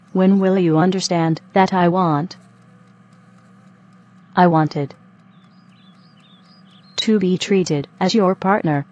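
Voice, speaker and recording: An actress playing a female robot who speaks in a flat, formal, stilted way. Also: fairly low pitch, dull audio. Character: stiff female robot leaving her partner.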